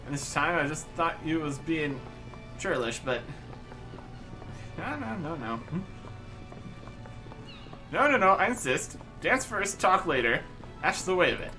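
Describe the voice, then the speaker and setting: A man's voice: fairly high pitch, big pitch swings, unhurried, long pauses, music in the background, poor audio. A man doing a rowdy boozy sailor. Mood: boisterous. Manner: rough old-salt dialect, cheeky, rambling. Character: rowdy boozy male sailor, middle-aged.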